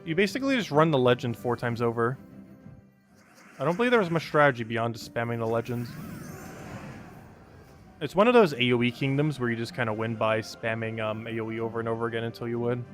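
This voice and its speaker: A man's voice: mid-range voice, brisk, pauses often, faint music behind. A man streaming a game live, chatting casually, reading and greeting chat, and laughing often.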